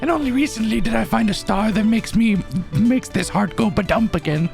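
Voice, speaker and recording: A man's voice: sits high, brisk, gravelly, darkish tone, faint music behind, pitched above the performer's own voice. A man voicing a vain, pushy old woman who scolds and rambles, for a game playthrough. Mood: haughty, rambling.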